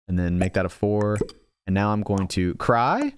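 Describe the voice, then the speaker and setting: A young man hosting a gaming channel talks at normal speed in an expressive voice on the low side, casually covering his strategy game. He reasons aloud, teases himself about misplays and often starts over. The audio carries a little hiss or hum.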